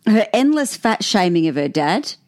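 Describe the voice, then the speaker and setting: A woman's voice: mid-range voice, big pitch swings, moderate pace, a little mellow. A woman co-hosting a casual chat, blunt, crude and jokey. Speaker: podcast co-host.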